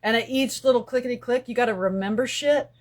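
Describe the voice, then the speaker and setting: A woman hosting a casual spiritual live stream from her phone. She jumps between loud bursts and hushed asides and swears freely. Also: a little high, quick pace.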